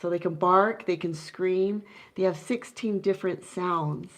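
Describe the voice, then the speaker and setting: An enthusiastic woman chats casually to her viewers, warm in interest and quick to trail into fillers. She breaks off at times to mimic soft owl hoots. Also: on the low side, fairly even intonation, poor audio. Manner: chatty and enthusiastic, many fillers. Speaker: owl keeper and vlogger.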